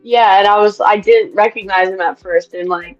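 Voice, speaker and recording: A young woman chats excitedly, trailing off and restarting her sentences. Her voice comes through a dull, lo-fi connection, with faint music behind her. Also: medium pitch, moderate pace. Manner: excitable, uses filler words and restarts. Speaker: co-host, racer. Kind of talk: casual chat. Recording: dull lo-fi audio.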